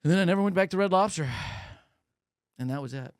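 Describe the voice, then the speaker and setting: A man with a slightly raised, gravelly voice spins a story in a loose podcast hang. He bounces between his own telling and animated impressions of the people involved. The sound is dry and close, with no room in it. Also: fast, dry recording. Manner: animated, acts out quotes with big pitch jumps. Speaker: podcast co-host, comedian. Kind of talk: casual storytelling chat. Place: podcast studio.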